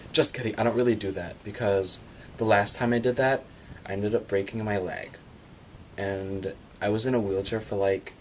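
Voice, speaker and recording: A man telling absurd comic stories about his free time in a deadpan monologue. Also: on the low side, slight background noise. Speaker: vlogger.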